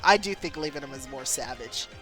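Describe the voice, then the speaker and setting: A woman's voice: extremely low pitch, animated, a little fast, a bit bright, faint music behind. A woman streamer reading an interactive story game aloud, taking viewer votes and exclaiming often.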